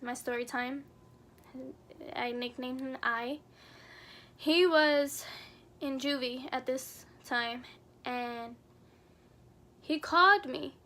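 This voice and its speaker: A woman's voice: high-pitched, takes it slowly, pauses often, pushed and bright. A young adult woman vlogger telling a personal story in an earnest, somber way, full of casual fillers. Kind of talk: storytime narration.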